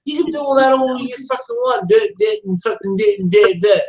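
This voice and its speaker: A man's voice: very high voice, brisk, darkish tone, lo-fi sound. A man hosting a casual chat, ranting in a heated, profane, repetitive way while drinking beer.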